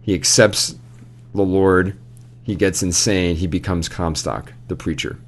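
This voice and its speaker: A man's voice: low-pitched, steady tone, unhurried, a little hiss or hum. A young man co-hosting a casual chat show, animatedly retelling a story and quoting characters along the way. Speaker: podcast co-host.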